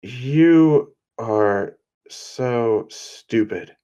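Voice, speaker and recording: A blunt, moody young woman, read by a man who scolds her partner. The voice stays low and slow. The recording is dull and lo-fi. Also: fairly even intonation, darkish tone, lightly acted. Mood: irritated.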